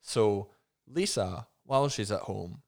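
Casual male comedy co-host, low voice, laughing and animated. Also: slow, vocal fry. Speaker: podcast co-host.

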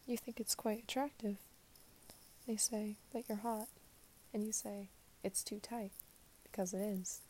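A young woman giving a reflective spoken monologue, her voice soft and drifting in and out of a whisper. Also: mid-range voice, fairly even intonation, measured pace, slight background noise.

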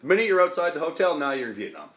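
A man's voice: a little high, very fast. Canadian man telling travel stories. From Calgary, Canada. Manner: animated, jokey, swears freely. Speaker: guest. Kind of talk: casual storytelling chat.

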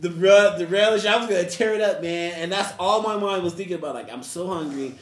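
A man's voice: high voice, quick pace, fairly bright tone, roomy sound, a little hiss or hum. A man telling a casual, funny personal story, often laughing as he talks. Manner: laughs through his telling, loose casual speech. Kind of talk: casual anecdote.

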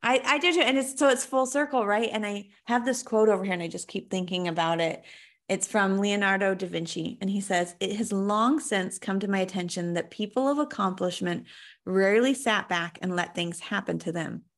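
A woman hosts a podcast in a casual, upbeat style. She is effusive and quick to praise her guest. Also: mid-range voice. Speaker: podcast host. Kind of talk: casual interview chat.

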